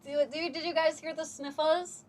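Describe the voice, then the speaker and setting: A woman's voice: high voice, little pitch movement, normal speed, a little mellow. A woman streaming live from home on a wireless mic, chatting casually and giggling as she coos baby talk to her cat.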